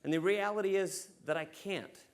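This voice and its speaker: An American man speaking at a conference, relaxed and joking, with frequent fillers. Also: high-pitched, moderate pace, creaky. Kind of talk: conference keynote talk. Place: conference stage before an audience.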